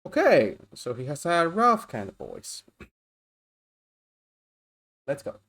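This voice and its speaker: A woman's voice: deep voice, very animated, takes it slowly, a bit bright, soft background music. A woman streamer giving casual, chatty playthrough commentary, talking to herself and to chat.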